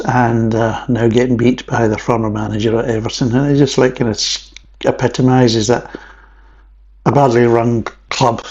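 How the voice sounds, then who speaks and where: A man's voice: mid-range voice, a little mellow, muffled recording. A Scottish man chatting through a beer review, rambling along with jokey asides. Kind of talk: casual vlog review. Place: at home at a table.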